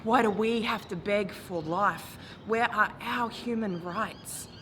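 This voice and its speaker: Slow, grave woman reciting poetry. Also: mid-range voice, fairly bright tone. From Australia. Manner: measured, grave delivery rising to impassioned calls. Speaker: spoken word poet. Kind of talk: spoken word poetry. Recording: noisy recording with traffic ambience.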